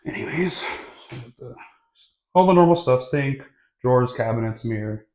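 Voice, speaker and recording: A man's voice: medium pitch, moderate pace. Laid-back guy walking you through a house on his handheld camera, chatty, lots of "like" and "kinda". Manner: chatty and relaxed, filler-heavy, self-correcting. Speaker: real estate vlogger. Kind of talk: casual home tour walkthrough. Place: inside a new house, walking through rooms. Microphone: handheld camera mic.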